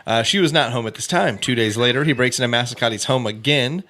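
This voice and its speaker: On his casual true crime podcast, a host works through a case timeline, dropping offhand asides and swiftly fixing his own slips. The tone is forceful, and his mid-range voice sounds bright.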